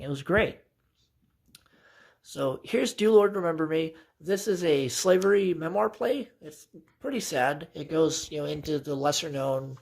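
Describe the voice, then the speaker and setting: A man's voice: fairly high pitch, creaky, a little mellow. A young man chatting casually into his phone camera as a vlogger, rambling enthusiastically with lots of fillers and restarts. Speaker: vlogger showing his playbill collection. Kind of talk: casual chat.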